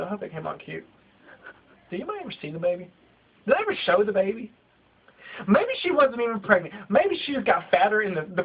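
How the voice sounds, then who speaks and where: A young man with a notably high voice rants at the camera, swearing freely and piling on exaggerated jabs. The sound is dull and lo-fi, like cheap home video audio. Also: husky. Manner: profane, ranting, exaggerated. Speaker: vlogger. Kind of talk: comedic rant vlog.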